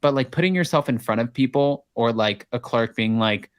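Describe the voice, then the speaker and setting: A man co-hosting a casual podcast chat, telling jokey stories in an animated, profane way. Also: medium pitch, brisk, few pauses, dry recording, clean studio sound. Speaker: podcast co-host.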